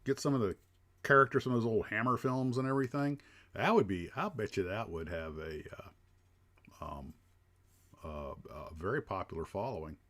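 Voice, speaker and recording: A man's voice: fairly low pitch, normal speed, a bit bright. A man hosting a casual livestream chat, talking in a rambling way with lots of fillers and restarts. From United States. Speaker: livestream host.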